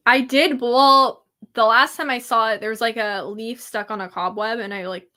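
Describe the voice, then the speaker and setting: A woman's voice: a little high, fairly even intonation, moderate pace, pushed and bright. A young woman from California, a guest in a casual chat who exaggerates everything for comic effect. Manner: dramatic, playfully exaggerated.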